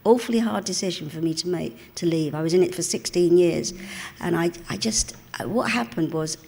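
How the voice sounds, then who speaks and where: The guest actress's lowish voice is gravelly yet a little mellow, and her pace is brisk. A Cockney woman in her seventies from the East End of London, she shares anecdotes during a live on-stage interview in a cinema auditorium before an audience, acting out the voices of the people she quotes.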